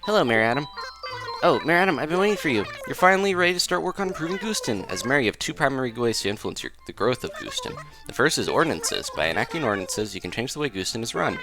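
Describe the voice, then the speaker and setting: A man voicing a cheerful, eager female dog secretary from a video game, talking brightly and fast over background music. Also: medium pitch, big pitch swings, pitched above the performer's own voice.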